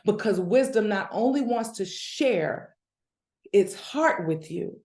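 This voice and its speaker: A woman giving a devotional Bible teaching, preaching with animated energy that builds in excitement. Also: mid-range voice, takes it slowly, roomy sound. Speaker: devotional speaker.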